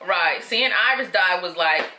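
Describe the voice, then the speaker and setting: A woman's voice: lowish voice, lively intonation, unhurried, pushed and bright, echoey room. A woman giving casual, opinionated reaction commentary to viewers, chatty and slangy, calling her audience "girl". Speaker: reaction vlogger.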